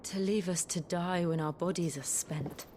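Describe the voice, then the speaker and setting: A woman's voice: fairly low pitch, steady tone, normal speed, mellow, close to an everyday voice. A woman doing an earnest troubled young woman. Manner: earnest, questioning. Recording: game audio with music behind.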